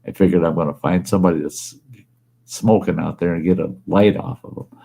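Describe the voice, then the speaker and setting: Gravelly low-voiced man telling a folksy story. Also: steady tone, moderate pace, warm tone. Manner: folksy, rambling, plain-spoken. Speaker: storytelling show host. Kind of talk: casual spoken storytelling. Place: at home. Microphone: wearing earbuds.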